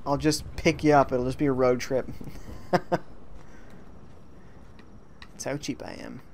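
A man's voice: mid-range voice, little pitch movement, slow, a little mellow, slight background noise. A man giving live commentary on a video game, joking and reading viewer chat aloud from home. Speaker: gaming streamer. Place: at home during a rainstorm.

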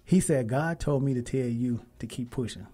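A man hosting a radio talk show, telling a story with lively, emphatic quoted dialogue. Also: mid-range voice, normal speed, breathy edge. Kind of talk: casual storytelling and interview.

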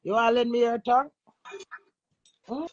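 Jamaican woman going off on a phone live, crude n defiant, kinda high voice, dry sound. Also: fairly even intonation, moderate pace, no room sound, muffled recording. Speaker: social media personality. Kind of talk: instagram live rant.

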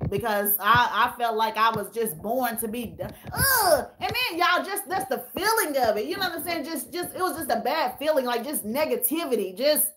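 A tearful woman with a high, bright voice speaks candidly to her livestream viewers in a casual, heartfelt chat. She keeps calling them y'all as she reads their comments. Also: slight background noise.

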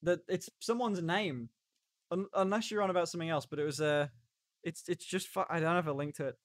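A man's voice: on the high side, a little fast, no echo, studio quality. Rambling young man streaming to chat. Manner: rambling, stop-start, reacts to chat. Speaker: livestreamer. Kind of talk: casual live-stream chat.

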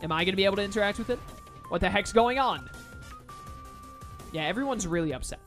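A man's voice: sits high, lively intonation, fast talker, pauses often, a bit bright. A man giving casual, jokey commentary while playing a video game. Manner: laid-back, jokey, says "dude". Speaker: let's-play gamer. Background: faint game music.

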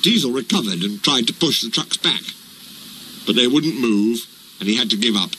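A man reading a children's train story aloud in an even, unhurried manner. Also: mid-range voice, slight background noise, low-quality recording.

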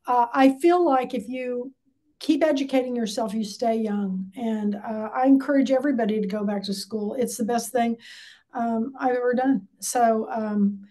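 Woman in her sixties, book club host on a video call, chatty and eager, high, mellow voice. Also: moderate pace. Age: 60s. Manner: chatty and enthusiastic. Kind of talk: casual video call chat.

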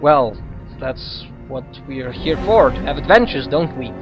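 A man speaking English as a second language hosts a casual let's play, hesitating often and restarting sentences. His pitch sits mid-range for a man. The recording is a little muffled, with faint game music in the background. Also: expressive, measured pace. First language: not English. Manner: hesitant, many fillers and restarts, reads on-screen text aloud. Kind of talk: casual gameplay commentary.

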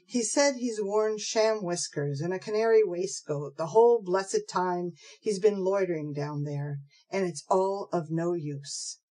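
A woman voicing a gruff, surly male housebreaker who talks bluntly in rough slang, in a storybook reading. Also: lowish voice, a little slow, hardly any pauses, mellow, rough recording.

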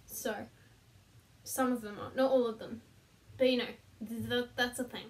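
A woman's voice: fairly high pitch, steady tone, normal speed, long pauses, distant mic. A young woman chatting casually to camera from her bedroom floor, self-deprecating and laughing at herself. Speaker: vlogger. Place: bedroom, sitting on the floor between two beds.

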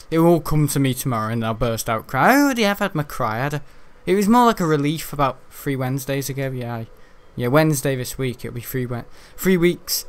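A man's voice: mid-range voice, smooth. A young man, rambling in casual commentary over a video game, swearing mildly now and then. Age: young adult. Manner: chatty and rambling, frequent mild swearing. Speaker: gaming YouTuber.

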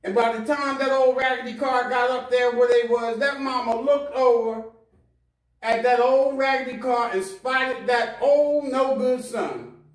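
A high-voiced male preacher tells a sermon story, repeating phrases in a steady rhythm. The sound is roomy and heard from some distance from the mic. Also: a little slow. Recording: echoey room, far from mic.

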